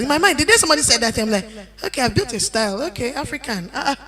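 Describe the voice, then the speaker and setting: At a conference panel, an earnest woman panelist gives advice in a high, animated, rapid-fire voice that's a bit bright. She repeats her key points, and the event hall carries crowd noise.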